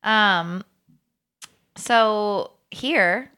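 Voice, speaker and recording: Woman podcast co-host, bright voice, animated casual delivery. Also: mid-range voice, very slow, clean tone. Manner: animated, swearing, laughs often. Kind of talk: casual book-club chat.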